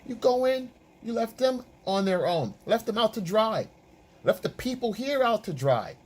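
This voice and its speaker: Emphatic man with a lively voice. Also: high voice, moderate pace, slightly rough. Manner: emphatic, repetitive, lecturing. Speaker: dating and relationship coach. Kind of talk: opinion commentary.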